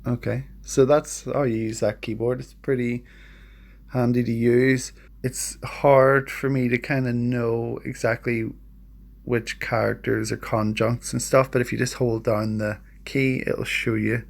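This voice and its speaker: Gravelly-voiced man in a relaxed how-to vlog. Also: mid-range voice, a little slow. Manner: relaxed, rambling, self-deprecating; hesitant when sounding out words. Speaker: language learner vlogger. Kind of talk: casual screen-share tutorial. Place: at a home computer.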